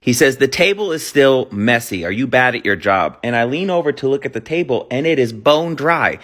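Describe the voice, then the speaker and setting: A man who once waited tables in nightclubs, telling a story in a dry, deliberate way. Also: medium pitch, lively intonation, fairly bright tone. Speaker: former nightclub server. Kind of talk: casual storytelling.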